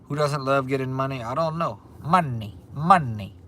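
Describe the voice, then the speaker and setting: A man's voice: mid-range voice, steady tone, brisk, a bit bright, slight background noise. A man from Louisiana with a Cajun accent, chatting casually on a livestream and reading viewer comments aloud in a rambling way. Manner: rambling, chatty, restarts often. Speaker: livestream host. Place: restaurant.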